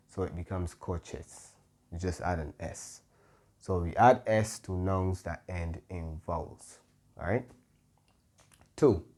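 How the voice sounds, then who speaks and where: A man teaching a Spanish grammar lesson, patient and careful, often pausing with "mm-hmm" and correcting himself. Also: sits low, a little mellow. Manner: patient, stops to self-correct, frequent "mm-hmm" fillers. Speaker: Spanish tutor.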